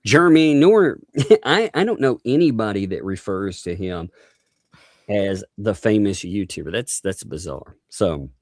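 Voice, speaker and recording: A low-pitched man hosts a casual live chat and laughs his way through loose, rambling sentences. The sound is dry and close to the mic. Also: expressive, unhurried, darkish tone, no room sound. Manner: laughs often, rambling with restarts. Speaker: host.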